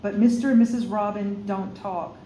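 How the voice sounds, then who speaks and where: Woman author reading a children's story aloud. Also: mid-range voice. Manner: measured, expressive, with small slips. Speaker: author reading her book. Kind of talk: first-person storybook reading. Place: studio for a radio show. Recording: roomy room, faint noise.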